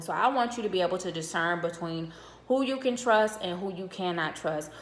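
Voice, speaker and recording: A woman's voice: on the low side, fairly quick. A middle-aged woman, a widow, giving direct, earnest advice in a vlog, counting off her tips and checking in with the viewer. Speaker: widow sharing grief advice. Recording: roomy echo.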